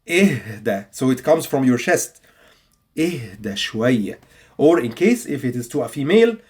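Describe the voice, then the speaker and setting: Male language teacher, husky voice with lively pitch swings, patient and instructive. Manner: repeats example phrases slowly for learners. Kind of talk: video language lesson.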